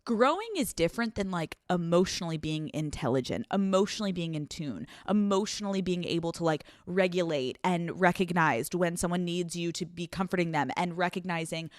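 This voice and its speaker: A woman's voice: fairly low pitch, fairly quick, few pauses, dry recording, clean studio sound. Blunt, profane woman podcast host. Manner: acts out scenes with quoted voices. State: running on no sleep. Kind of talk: casual advice podcast.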